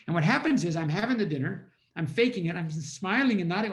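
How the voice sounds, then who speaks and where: A man's voice: sits high, animated, fast, few pauses. A man giving an inspirational storytelling talk over a video call at a community holiday event, acting out his own past thoughts.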